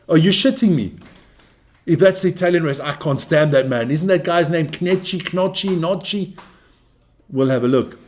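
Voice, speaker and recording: Guy streaming a rugby game live, kinda high voice, swears a lot, jokey trash talk to chat. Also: animated, normal speed. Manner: brash, profane, joking banter; chatty, talks to viewers and people nearby. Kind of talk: live watch-along rugby commentary.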